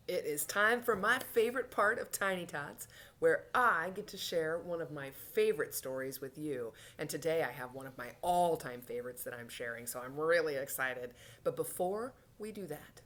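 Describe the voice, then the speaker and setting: A woman with a low, fairly bright voice runs a toddler story time. She talks playfully, sings bouncy verses, and drops into whispers now and then.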